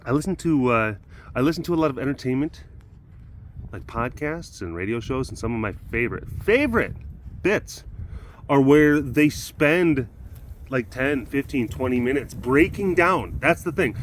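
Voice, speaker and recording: A man's voice: mid-range voice, expressive, moderate pace, slight background noise. A young adult man hosting a casual show, rambling and laughing between stories. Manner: rambling, laughs often, coos baby talk at a cat. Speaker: host. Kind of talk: casual chat.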